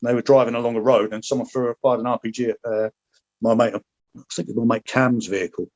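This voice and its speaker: A British man in a podcast interview, recalling combat in a loose, rambling way, full of swearing, restarts and asides. His voice sits at an ordinary middle pitch. The recording is slightly dull and lo-fi. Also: fairly even intonation, fast, darkish tone. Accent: British English. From Britain. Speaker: podcast guest, former paratrooper. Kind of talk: casual storytelling.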